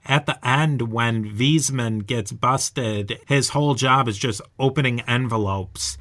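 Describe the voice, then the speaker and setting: A man's voice: mid-range voice, slow pace, fairly bright tone. A man hosting a podcast, talking over a film in a thoughtful, conversational way. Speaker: podcast host. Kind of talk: conversational discussion.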